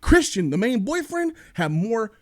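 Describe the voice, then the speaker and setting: High-voiced man ranting in a comedic movie review. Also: measured pace. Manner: animated, profane, acts out quotes. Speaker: host.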